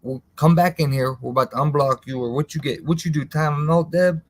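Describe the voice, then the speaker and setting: A man's voice: a little high, fairly even intonation, brisk, no echo. A man hosting a live stream in casual, slangy talk, rambling and answering viewers in the chat by name.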